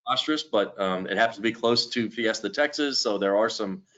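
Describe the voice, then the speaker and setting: Guy with a lowish voice explaining loans on a webinar, steady, muffled lo-fi sound. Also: a little fast. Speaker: lending company presenter. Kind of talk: webinar presentation. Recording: dull lo-fi webinar audio.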